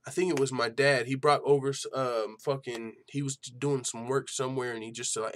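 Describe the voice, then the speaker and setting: A man's voice: medium pitch, fairly even intonation, a little fast, fairly bright tone. A man hosting an MMA news channel in casual chat, swearing freely and laughing often. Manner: loose and profane, laughs a lot, lots of fillers.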